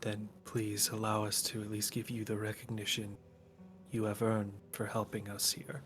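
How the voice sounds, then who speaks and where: A man's voice: lowish voice, completely flat delivery, a bit bright, close to an everyday voice. A man playing a solemn, courteous man giving formal thanks, with faint music behind. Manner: formal, measured.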